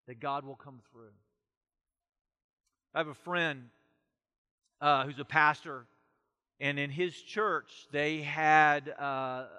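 A man preaching a sermon with great passion, moving between loud urgent passages and hushed quiet ones. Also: on the high side. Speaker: pastor. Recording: long hall reverb.

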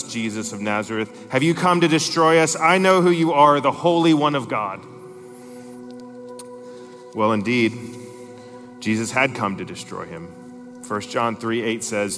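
A man's voice: medium pitch, a bit bright. A man preaching a sermon, reading scripture aloud with emphatic, rising intensity. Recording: long reverb in a large hall, faint music.

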